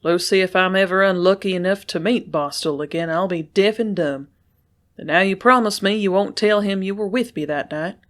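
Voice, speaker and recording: A woman voicing an earnest young male horse rider in an audiobook, with a rough-spoken, pleading manner. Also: mid-range voice, moderate pace, lightly acted. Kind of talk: audiobook character reading.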